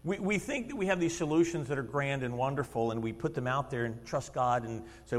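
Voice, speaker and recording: A man in his fifties preaching a sermon in a church, telling stories in an animated way, acting out quotes and laughing often. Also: medium pitch, fairly quick. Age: 50s. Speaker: lay preacher and schoolteacher. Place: church sanctuary. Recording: long reverb of a church hall.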